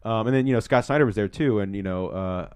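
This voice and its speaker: A young man co-hosting a podcast, telling stories in a casual, excitable way, swearing often and acting out what people said. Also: lowish voice, fast, clean tone, no echo. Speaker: podcast co-host. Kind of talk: casual storytelling chat.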